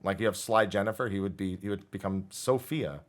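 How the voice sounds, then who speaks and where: A man's voice: low voice, brisk. A man with a New Jersey accent, hosting a casual chat show and joking with guests, laughing often. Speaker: podcast host.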